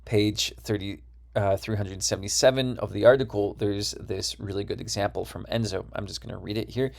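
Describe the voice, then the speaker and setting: A man's voice: on the low side, fairly even intonation, a little fast, gravelly. A man with a Wisconsin accent giving a recorded course lecture, explaining ideas and checking in with "right?".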